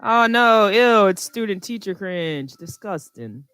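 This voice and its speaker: Woman in her twenties, New Jersey accent, sarcastic, blunt, casual chat, dead-dry mic, medium pitch. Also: expressive, a little slow, fairly bright tone, smooth, dry recording. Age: 20s. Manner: blunt, sarcastic, laughing at herself. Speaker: podcast host. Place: online voice chat from home.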